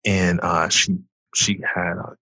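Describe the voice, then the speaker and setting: A man, a former athlete and author, earnestly telling his personal story as a guest, loose and full of "like", turning loud when he acts out past outbursts. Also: sits low, level tone, slow pace, no room sound. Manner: earnest, loose, heavy use of "like".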